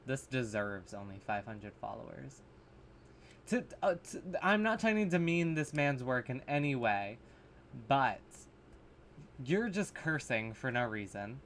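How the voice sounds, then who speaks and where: A man's voice: mid-range voice, fairly bright tone, slight background noise. A man casually reacting to horror short films, blunt and sarcastic, swearing freely and restarting his sentences. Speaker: reaction video host.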